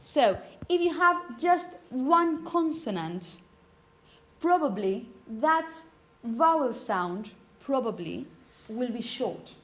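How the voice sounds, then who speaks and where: A woman teaching phonetics to a class, repeating example words slowly and checking understanding with frequent "okay?". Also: high-pitched, very animated, fairly bright tone. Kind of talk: classroom lecture.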